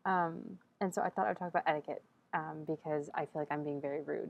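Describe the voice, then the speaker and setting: A young woman rambles to her camera in a library, chatty and exasperated. Her voice sits fairly low, and the sound is dull and lo-fi. She acts out quoted exchanges with others. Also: fairly even intonation, brisk, vocal fry, slight background noise. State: sleepy at first, speaking quietly in public. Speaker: vlogger. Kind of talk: casual rambling vlog. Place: empty library vestibule, indoors.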